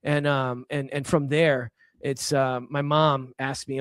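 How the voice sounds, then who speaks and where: A man's voice: medium pitch, level tone, slow pace, smooth, no room sound, studio quality. A middle-aged man from Los Angeles, a podcast guest, telling a personal story with emphatic energy and frequent restarts. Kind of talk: casual storytelling.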